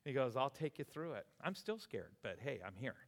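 Older guy pastor in his 60s preaching, animated, chuckles a lot, big echoey church hall. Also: medium pitch, normal speed. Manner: animated, exclamatory, chuckles between points. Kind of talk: sermon. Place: church sanctuary. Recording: long hall reverb.

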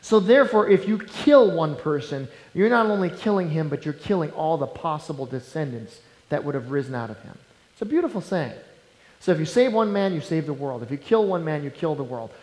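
A male pastor preaching a sermon, swinging between loud emphatic lines and hushed near-whispers. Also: a little high, animated, fairly quick, long reverb tail, poor audio.

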